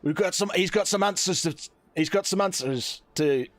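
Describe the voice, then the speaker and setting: A man's voice: sits high, normal speed, fairly bright tone, no room sound, pitched above the performer's own voice. A man doing a pompous posh ship captain. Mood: commanding. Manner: pompous, commanding, stammers. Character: haughty posh male ship captain, bossy.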